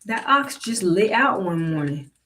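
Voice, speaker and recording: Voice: medium pitch, very animated, unhurried, bright, forceful tone, recorded from a distance, slight background noise. A narrator putting on a sly old farmhand. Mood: deadpan. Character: sly old male farmhand, calm and mocking.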